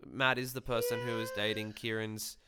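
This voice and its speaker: A man's voice: on the low side, level tone, moderate pace, very noisy. A man co-hosting a podcast, recapping a reality show in casual chat with wry asides and casual swearing. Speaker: podcast co-host.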